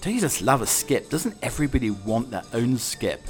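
A man's voice: medium pitch, big pitch swings, a little fast, soft background music. A man hosting a podcast, chatting on his own in a rambling, jokey way full of meandering asides. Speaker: podcast host. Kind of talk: casual solo monologue.

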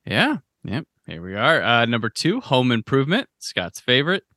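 A man's voice: mid-range voice, huge pitch swings, moderate pace, bright, forceful tone, no room sound, studio quality. A man hosting a casual film podcast, laid-back and running through rankings. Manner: laid-back, rattles off ratings lists. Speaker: podcast host.

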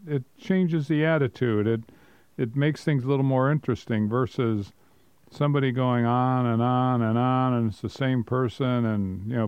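A man with a gravelly, mid-pitched voice reads out talking points and adds wry asides in casual talk. The sound is dull and dry, like a muffled close mic. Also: no room sound. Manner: reads points aloud, then comments wryly. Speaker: co-host.

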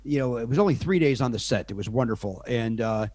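A middle-aged man chats as a podcast guest, spinning self-deprecating stories with frequent restarts and asides. His voice sits at an ordinary middle pitch. The sound is dry and close, with no room echo. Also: expressive, quick pace, darkish tone. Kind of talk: casual anecdotal storytelling.

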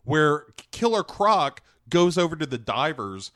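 A man co-hosting a podcast, recapping a film in casual, animated chat and acting out lines in quick voices. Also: fairly high pitch, no echo, clean studio sound. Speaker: podcast co-host.

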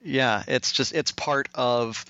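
A man's voice: mid-range voice, takes it slowly, bright, forceful tone, no room sound, muffled recording. A man hosting a podcast interview, chatting in an easygoing, agreeable way. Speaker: podcast host. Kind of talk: casual chat.

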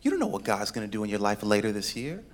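A male pastor preaching a sermon, telling a story with a dramatic delivery that moves between loud and hushed. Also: lowish voice, very animated, quick pace.

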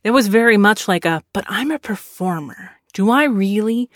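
A woman's voice: mid-range voice, lively intonation, moderate pace, no echo, clean studio sound. A woman in her thirties, a voice actor, talking candidly and rambling in a casual monologue, swearing now and then. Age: 30s. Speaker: voice actor and podcast host.

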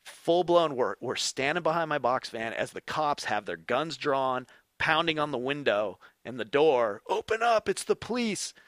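A middle-aged man, a former motocross racer, telling stories as a podcast guest in an animated way and swearing freely. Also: mid-range voice, unhurried, no echo. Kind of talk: casual storytelling.

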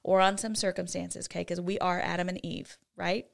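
A woman's voice: on the low side, level tone, fairly quick, gravelly. A woman co-hosting a faith-based parenting talk, teaching in an earnest way and often checking in with "right?". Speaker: co-host.

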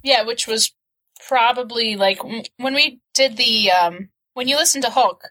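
A woman's voice: a little high, measured pace, bright, forceful tone, poor audio. A woman co-hosting a movie podcast in casual chat, chatty and nerdily enthusiastic, laughing often. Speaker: podcast co-host.

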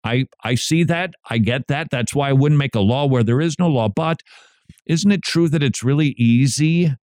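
A man hosting a radio talk show, joking and acting out little scenes in a lively way. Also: mid-range voice, moderate pace, dry recording, studio quality. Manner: jokey, lively, acts out little scenes with voices. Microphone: studio mic.

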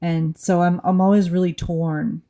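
A woman's voice: lowish voice, level tone, unhurried, dark tone. A woman from New Orleans co-hosting a casual podcast, talking candidly and thinking aloud with frequent restarts. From New Orleans, USA. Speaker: podcast co-host.

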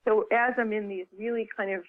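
A woman's voice: medium pitch, brisk. Chatty woman on a phone line. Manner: chatty, lively retelling with many "you know"s. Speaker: author and guest. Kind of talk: casual storytelling interview.

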